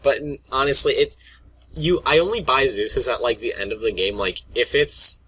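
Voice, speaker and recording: Bright-voiced young man ranting casually. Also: mid-range voice, normal speed, husky. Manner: rambling, lots of fillers and restarts, mock voices for other players. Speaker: gaming vlogger. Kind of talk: casual rant to camera.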